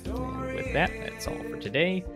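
A man's voice: high-pitched, big pitch swings, normal speed, over loud music. A man hosting a podcast, wry and dry-witted, wrapping up the show. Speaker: podcast host. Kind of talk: casual chat and podcast outro.

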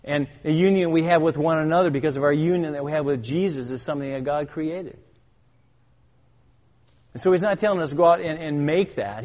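Older male preacher in a reverberant hall. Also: a little high. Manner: emphatic, building to loud urgent commands; asks the congregation questions. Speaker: pastor. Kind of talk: sermon.

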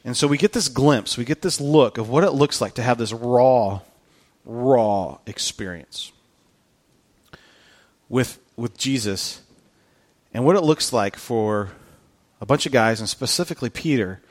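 A man's voice: medium pitch, measured pace, pauses often. A man preaching a sermon in an earnest, conversational way, often repeating his words as he goes. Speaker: pastor.

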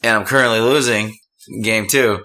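A man's voice: lowish voice, steady tone, moderate pace, bright, forceful tone. Nasal, slightly sick male podcast co-host. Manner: silly, breaks into sing-song jingles. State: slightly nasal, under the weather. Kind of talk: casual chat.

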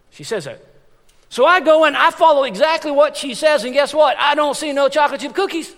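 High-voiced animated preacher man in a hall. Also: brisk. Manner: animated, storytelling with frequent restarts and repetitions. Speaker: pastor. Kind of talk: sermon.

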